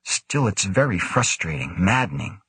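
A man's voice: deep voice, big pitch swings, moderate pace, a bit bright, slightly rough, no echo, full character voice. A man voicing a tense, precise female neurophysiologist who speaks formally. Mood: frustrated. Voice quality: formal, clipped.

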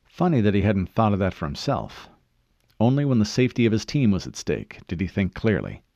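A man narrating an audiobook in an expressive storytelling manner. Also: fairly low pitch, fairly quick, no room sound, lo-fi sound.

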